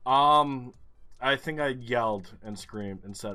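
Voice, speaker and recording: A man's voice: mid-range voice, takes it slowly, pushed and bright. A man commentating his own gameplay, thinking aloud, swearing and getting frustrated.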